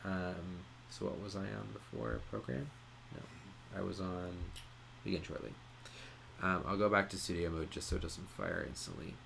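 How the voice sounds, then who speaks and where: Low-voiced man talking through software steps. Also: vocal fry, a little hiss or hum. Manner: relaxed, many "um" pauses, explains step by step. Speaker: streaming tutorial presenter. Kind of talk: casual screen-share tutorial.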